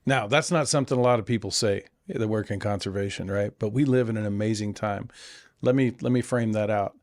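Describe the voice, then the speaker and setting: A man's voice: on the low side, fairly quick, dry recording, studio quality. A middle-aged man from California, a conservation CEO, talking earnestly and self-deprecatingly in a casual interview. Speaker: guest, conservation nonprofit CEO.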